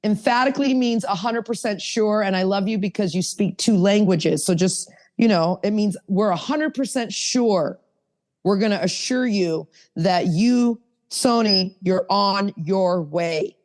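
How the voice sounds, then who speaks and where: A woman's voice: medium pitch, measured pace. Chatty woman leading an online workshop. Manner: lively, chatty, coaxing. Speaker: sponsorship workshop teacher. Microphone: video call.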